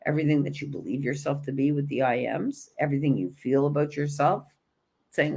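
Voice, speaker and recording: A woman's voice: low-pitched, brisk, gravelly, darkish tone, slightly rough. Emphatic, blunt woman coaching on energy. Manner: emphatic, repetitive, blunt, swears casually; conversational, with frequent restarts and fillers. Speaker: energy and self-love coach. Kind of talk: motivational spiritual talk.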